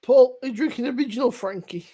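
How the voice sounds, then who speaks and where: A woman co-hosting a live beer review stream, teasing her friends loudly with plenty of swearing. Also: fairly high pitch, fast, husky. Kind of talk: casual live-stream banter.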